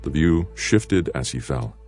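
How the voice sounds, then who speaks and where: A man narrating an audiobook in a measured, steady storytelling manner. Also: a bass voice, faint music behind.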